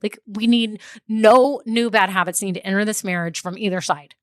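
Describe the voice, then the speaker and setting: A woman's voice: medium pitch, moderate pace, no echo, studio quality. A woman, hosting a casual solo business podcast, chatty and laughing often as she goes on tangents. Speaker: podcast host and business coach.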